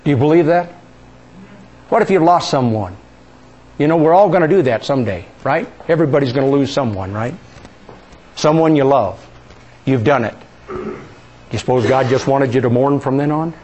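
A male preacher giving a sermon, questioning the congregation and drawing answers, dropping soft and low on key words. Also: normal speed, pauses often, highs cut off, slight background noise.

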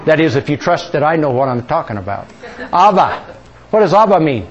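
A man's voice: very animated, a little fast, dull audio. Call-and-response preaching man. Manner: questioning the congregation, drawing call-and-response; drops soft and low on key words. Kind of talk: sermon.

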